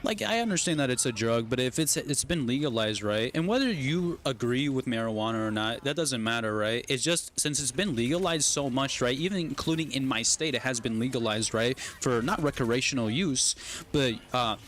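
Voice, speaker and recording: A man's voice: mid-range voice, animated, moderate pace, a bit bright, slight background noise. Rambling man tagging everything with "right?". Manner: rambling, asks "right?" and "you know what I mean?" constantly. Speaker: gaming streamer. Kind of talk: casual chat while gaming.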